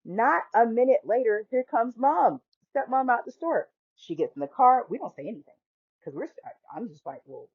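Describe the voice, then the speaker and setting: A woman in her forties tells a personal story as a podcast host. She talks in an animated way and acts out the people she quotes. The sound is tinny and phone-like, with a dry, close feel. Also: on the high side, normal speed, slightly rough, no room sound. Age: 40s. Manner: animated, acts out quoted voices, laughs often. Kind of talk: storytelling monologue.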